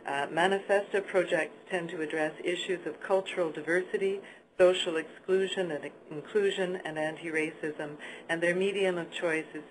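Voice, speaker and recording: A moderator introduces the next speaker at a webinar, stumbling through many "uh"s and restarts. The voice sits in a mid pitch, with a clear hiss of noise on the line. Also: steady tone, normal speed. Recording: noisy line.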